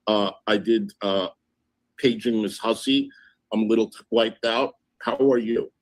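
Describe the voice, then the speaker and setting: A man's voice: lowish voice, steady tone, measured pace. A man hosting a livestream, casually recounting and reading out text messages in an indignant tone. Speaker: livestream host.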